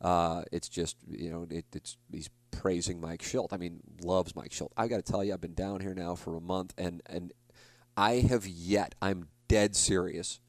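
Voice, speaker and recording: Rambling, low-voiced broadcaster in his forties. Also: fairly even intonation, normal speed, no echo. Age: 40s. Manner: rambling, confessional, self-deprecating, many restarts. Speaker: sports broadcaster. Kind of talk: solo podcast storytelling.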